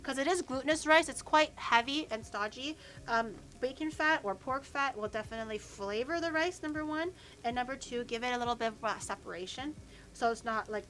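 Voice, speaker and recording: A woman's voice: fairly high pitch, a bit bright. Chatty woman streamer cooking, swearing freely. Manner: chatty, swears, stutters and repeats words. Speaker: vtuber streamer. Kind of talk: casual cooking stream chat. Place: home kitchen.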